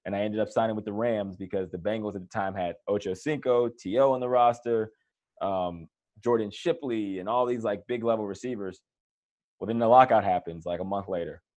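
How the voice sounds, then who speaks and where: A former pro football player recounts his career in an interview, relaxed and animated, acting out the voices of people he quotes. His voice is fairly low and his pace brisk in this conversational storytelling.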